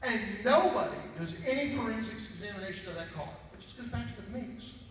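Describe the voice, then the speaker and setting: A man's voice: sits high, expressive, a little fast, a little hiss or hum. A man, a civil investigator, briefing a press conference in an emphatic way and asking rhetorical questions. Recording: echoey hall, voice far from mic.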